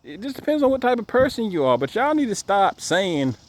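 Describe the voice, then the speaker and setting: Emphatic ranting man, higher voice. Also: sing-song, a little fast. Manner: repetitive, emphatic, stumbles over repeated words. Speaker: dog breeder vlogger. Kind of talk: casual ranting monologue.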